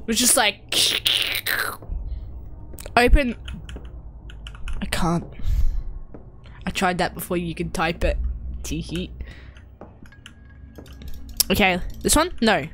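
A woman's voice: medium pitch, a bit bright, a little hiss or hum. A young woman streamer giving jumpy, swear-heavy horror game commentary and talking to her chat. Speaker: gaming streamer.

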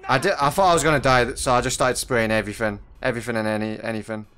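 A man's voice: medium pitch, steady tone, very fast, a bit bright, clear, resonant tone. A young man giving casual, jokey commentary over his own mobile shooter gameplay. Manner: chatty, jokey, laughs often at teammates and enemies. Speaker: mobile gaming YouTuber. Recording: music playing faintly behind.

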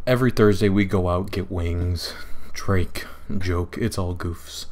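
A man's voice: sits low, steady tone, a little slow, a little mellow. A young man telling a story in casual chat, rambling, swearing and laughing as he goes. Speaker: podcast co-host.

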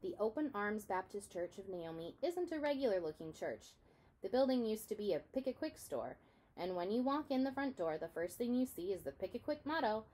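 A woman reading a children's novel aloud in an expressive storytelling manner. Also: mid-range voice, a little fast. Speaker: reader.

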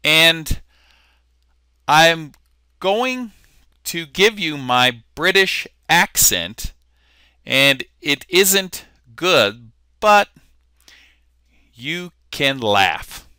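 An American man leads a vocabulary lesson at an unhurried pace. His voice sounds very bright, and his pitch moves a lot. The sound is dry and close. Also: big pitch swings, no room sound. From United States. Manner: slow, clear teacherly delivery, repeating words for learners. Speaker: English teacher.

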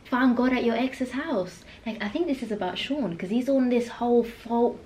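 A young woman chatting excitedly while reacting to an album, laughing often and singing along. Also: on the high side, moderate pace. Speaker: video host reacting to an album. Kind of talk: casual reaction chat.

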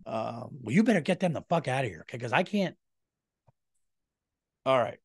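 A man's voice: mid-range voice, normal speed, gravelly, husky, no room sound, studio quality. A middle-aged man, hosting his comedy podcast in a casual, profane rant and feeling unwell. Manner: profane, animated, swings loud and quiet.

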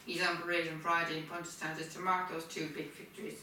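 A woman's voice: lowish voice, level tone, fast, bright, forceful tone, slight background noise. A woman rambling and repeating herself in a casual home video, with a frog in her throat. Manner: repetitive, circling back over the same points. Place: home kitchen. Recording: echoey kitchen, distant mic.

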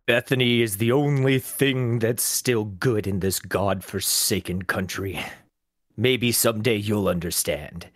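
A man's voice: on the low side, a little slow, dry recording, clean studio sound. A man playing a grave, towering statesman.

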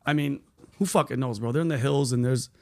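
A man hosting a casual podcast, telling stories in a profane, animated way, full of bro and dude. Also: medium pitch, brisk. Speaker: host.

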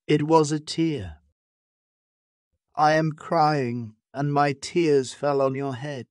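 Guy putting on a high sly monkey girl, pleading and fibbing, storybook voice, slow. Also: steady tone, a little mellow, no echo, clean studio sound. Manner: pleading, falsely innocent. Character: sly female monkey, quick-talking and fibbing.

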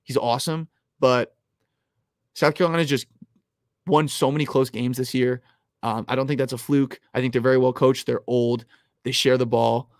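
A young man hosting a live stream about sports bets, talking casually and loudly at times, rambling with lots of "like"s and restarts close to his mic. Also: medium pitch, moderate pace, no echo. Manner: rambling, filler-heavy, restarts with "like"; animated, loud at times. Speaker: sports betting host.

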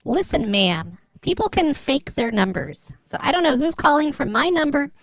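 A bickering housewife , put on by a man, with a high, gravelly voice that swings up and down. She stammers and snaps back defensively on a prank phone call. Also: sing-song, normal speed, a bit bright, dry recording, heavily acted. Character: bickering middle-aged housewife, defensive and sharp-tongued.

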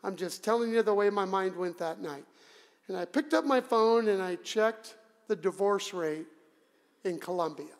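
A man's voice: high-pitched, moderate pace, creaky. A male pastor giving a conversational sermon, with dramatic, emphatic delivery. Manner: conversational, dramatic preaching with sudden loud emphasis. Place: church sanctuary. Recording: long church reverb.

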